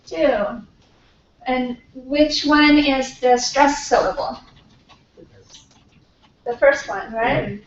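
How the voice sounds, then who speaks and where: A woman professor teaching pronunciation to a class, modelling sounds slowly and patiently. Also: high voice. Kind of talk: classroom lecture. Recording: far-off, echoey, dull classroom recording.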